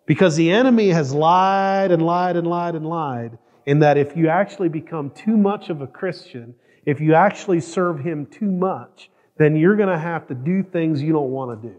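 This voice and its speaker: A man's voice: a little high, normal speed, few pauses, a little mellow, big-room sound, dull audio. A man preaching a sermon as pastor, often asking the congregation questions and acting out quoted prayers. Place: church sanctuary.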